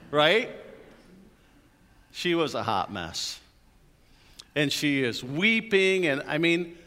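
A man's voice: mid-range voice, fairly bright tone. A man preaching an Easter sermon in a church, telling the story with animation and playful asides. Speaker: pastor. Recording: hall reverb.

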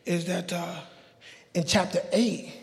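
A man preaching a sermon in a church, fervent and joking with the congregation, often breaking into excited yelling. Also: high-pitched, slow pace, vocal fry. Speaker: pastor. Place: church sanctuary. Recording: long church hall reverb.

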